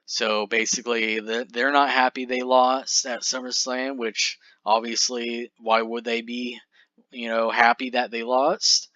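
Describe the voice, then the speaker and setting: Bright-voiced man recapping a wrestling game. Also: mid-range voice, level tone, measured pace, dry recording, dull audio. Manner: rambling, filler-heavy. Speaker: game commentator. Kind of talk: casual play-by-play recap of a wrestling sim.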